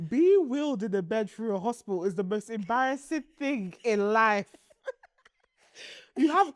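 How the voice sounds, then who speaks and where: A high-voiced woman, chatting on a podcast and recounting a story with lots of laughter. Her voice sounds close and dry, with no room sound around it. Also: dry recording. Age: 30s. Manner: animated, laughs often while telling a story. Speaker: podcast co-host. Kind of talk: casual storytelling chat.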